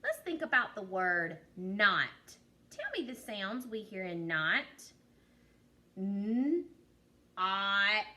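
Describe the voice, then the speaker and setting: In a virtual class, a kindergarten teacher patiently works through phonics with young kids, sounding out short words in a slow, drawn-out way and praising them. Her medium-pitched voice takes big pitch swings and has a sharp tone.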